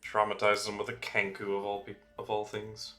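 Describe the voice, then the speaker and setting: Easygoing male game master, bright forward tone, loose delivery full of fillers and chuckles. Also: on the low side, completely flat delivery, moderate pace, faint music behind. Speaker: dungeon master. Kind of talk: narrating a tabletop game.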